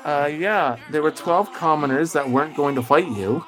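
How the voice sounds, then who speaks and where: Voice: mid-range voice, moderate pace, a bit bright, soft background music. A game master casually narrating a tabletop game, hesitant and prone to fillers.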